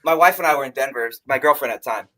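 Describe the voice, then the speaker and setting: A man's voice: medium pitch, very fast, bright, forceful tone. An American man co-hosting a podcast, talking in a laid-back, slangy way. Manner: laid-back, slangy, says dude and bro. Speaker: podcast co-host. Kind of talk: casual podcast chat.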